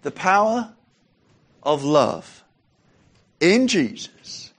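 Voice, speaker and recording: Conversational preacher man, fairly high voice. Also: animated, a little slow, pauses often. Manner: conversational, drops to soft voice for quoted lines, rises when reading. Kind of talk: sermon with scripture reading.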